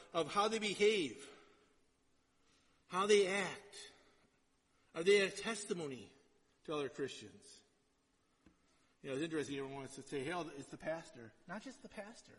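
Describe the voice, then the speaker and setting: A male pastor gives a casual, conversational sermon and keeps asking his congregation "right?" His voice sits high for a man. It rings with the long reverb of a large hall. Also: moderate pace, pauses often, fairly bright tone.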